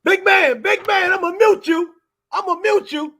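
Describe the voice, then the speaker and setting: A defiant, cussing old man rants and hollers at anyone who would tell him what to do, as a man puts him on. The voice sits very high and keeps breaking into shouts. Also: normal speed. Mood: ranting defiant. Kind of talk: impression on a talk show.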